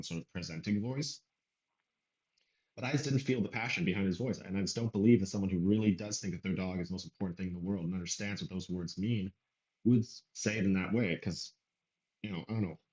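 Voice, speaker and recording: A man's voice: lowish voice, highs cut off. A man doing casual reaction commentary, rambling and talking over the clip he is playing. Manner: rambling, conversational, talks over clips.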